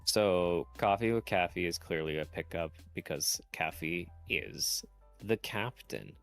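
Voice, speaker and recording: A man's voice: low voice, a little slow, creaky, soft background music. A man doing casual esports commentary, rambling and self-deprecating, often laughing as he talks. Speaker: tournament commentator.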